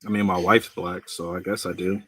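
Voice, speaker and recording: A man with a low, husky voice that still pushes forward with force. He stays calm and questioning, with sarcasm underneath. The sound is dry and close. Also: fairly quick, dry recording. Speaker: guest caller. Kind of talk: debate chat.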